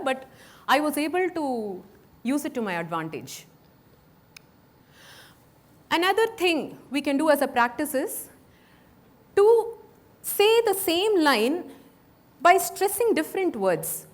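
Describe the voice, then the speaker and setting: A woman with a Tamil Indian English accent, giving an animated conference talk on voice acting, explaining with examples. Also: high-pitched. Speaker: voice artist giving a keynote talk. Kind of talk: conference speech with demonstrations. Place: conference hall stage.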